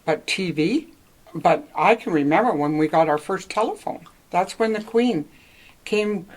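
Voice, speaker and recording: Recorded with poor audio, a woman in her seventies from northwestern Ontario, Canada, speaks in a lowish, animated, unhurried voice. She's casually reminiscing for an oral-history interview, wandering off topic and laughing a lot.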